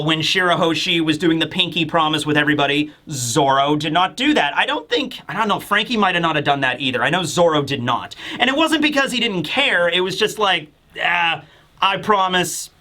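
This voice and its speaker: Bright, enthusiastic male reviewer. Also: a little high. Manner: rambling, enthusiastic. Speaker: host. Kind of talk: casual manga review.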